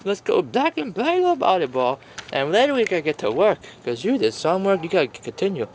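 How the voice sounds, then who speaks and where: Playful man doing lively toy voices. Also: fairly quick, slight background noise. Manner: playful, jumps between silly high and low character voices. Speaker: toy video maker voicing all characters. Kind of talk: toy play storytelling with character voices.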